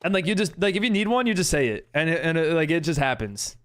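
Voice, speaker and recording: A man's voice: on the high side, sing-song, fast, fairly bright tone. A man streaming a game live, casually chatting and answering his viewers' messages with rambling talk and frequent giggles. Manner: rambling, giggly, reads chat aloud.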